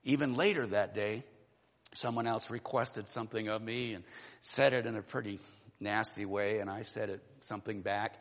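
A man in his sixties preaching a sermon, telling a personal story that moves between animated and low, quiet passages. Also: normal speed, in a large hall. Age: 60s. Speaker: pastor.

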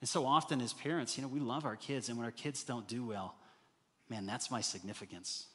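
A man preaching a sermon as pastor, animated and rising to loud, emphatic bursts. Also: mid-range voice, a little fast. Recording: hall reverb.

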